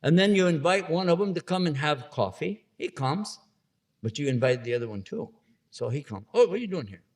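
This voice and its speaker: A man's voice: on the high side, lively intonation, moderate pace. A man giving an Islamic lecture to an audience, talking conversationally, asking listeners questions and acting out little scenes in funny voices.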